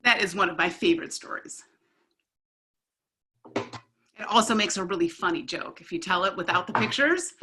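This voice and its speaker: A woman leading a children's online camp class, speaking in an animated, encouraging way and narrating imagined trips for the kids. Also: fairly low pitch, moderate pace, pauses often, low-quality recording. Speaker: camp instructor.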